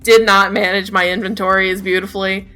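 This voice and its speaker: A woman's voice: mid-range voice, flat delivery, brisk, pushed and bright, faint music behind. A young adult woman co-hosting a podcast, chatting candidly and casually, with the odd swear word. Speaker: podcast co-host. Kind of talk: casual chat about video games.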